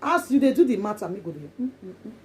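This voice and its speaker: A woman's voice: medium pitch, sing-song, very fast, darkish tone, slight background noise. A woman with a Nigerian accent talking casually to her viewers in a vlog, emphatic and repeating herself often. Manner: emphatic and repetitive, in Pidgin English. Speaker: vlogger.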